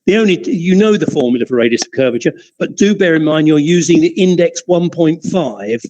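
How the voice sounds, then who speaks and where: A man's voice: fairly high pitch, lively intonation, brisk, dark tone, rough recording. A man teaching an optics class in an informal, chatty way, often digressing and restarting his sentences. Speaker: optics lecturer.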